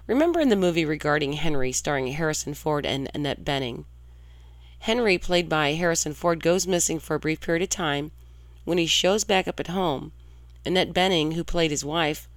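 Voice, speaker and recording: A woman's voice: low voice, dry recording. A woman in her forties from St. Louis, hosting an internet radio show with a chatty, confiding and emphatic delivery. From St. Louis, Missouri. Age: 40s. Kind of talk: scripted monologue.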